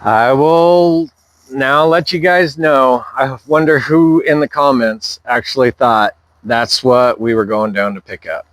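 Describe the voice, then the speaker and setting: Slow-talking man, casual vlog. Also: medium pitch, dry recording, poor audio. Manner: slow, relaxed, unscripted musing. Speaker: vlogger. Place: in a vehicle and outdoors with machinery. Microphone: small clip-on microphone.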